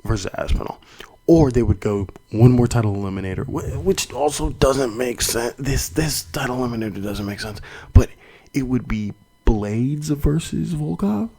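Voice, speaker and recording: Rambling man with a mellow voice. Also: medium pitch, lively intonation, moderate pace, creaky, low-quality recording. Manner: casual, rambling, frequent restarts and swearing. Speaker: podcast host. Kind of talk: solo fight commentary podcast.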